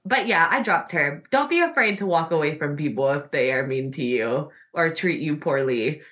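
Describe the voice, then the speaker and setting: A woman's voice: sits low, animated, normal speed, fairly bright tone, recorded from a distance. A young adult woman hosting a podcast, telling a story in casual chat and filling it with "like" and quoted back-and-forth. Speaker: podcast host.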